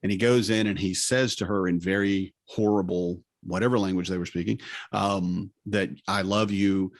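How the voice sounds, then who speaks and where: A man co-hosting a podcast in casual chat, retelling a film with animated quoted voices. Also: sits low, moderate pace, no room sound, clean studio sound. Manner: animated storyteller who acts out quoted lines. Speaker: podcast co-host.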